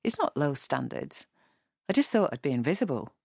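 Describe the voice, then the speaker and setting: A woman's voice: sits low, big pitch swings, moderate pace, vocal fry, a little mellow, slightly rough, no room sound, clean studio sound, exaggerated voice. A woman reading aloud and voicing a sheepish, chatty man who rambles apologetically.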